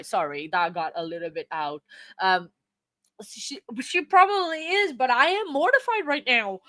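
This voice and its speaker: High-voiced woman hosting a live stream. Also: sing-song, a little slow, bright, forceful tone, dry recording. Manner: flustered and apologetic, many fillers; reads and answers viewer chat. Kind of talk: casual live-stream chat.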